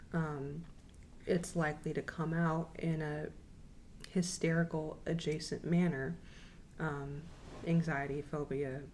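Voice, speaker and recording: A young woman records her class presentation, reading quiz questions slowly and repeating each option with plenty of ums. Her voice sits low and has a gravelly fry to it. A faint hum of room noise runs underneath. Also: darkish tone. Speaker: counseling student presenting.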